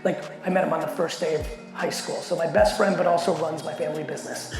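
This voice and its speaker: Profane, animated male speaker, gravelly. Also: a little high. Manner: profane, animated, fast storyteller. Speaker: keynote speaker. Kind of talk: storytelling talk to a company audience. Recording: echoey hall with long reverb, faint music.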